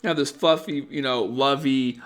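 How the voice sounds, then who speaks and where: A man's voice: medium pitch, fairly even intonation, unhurried. A tired young man hosting a casual live stream, giving blunt, profane dating advice and chatting with viewers in a rambling way.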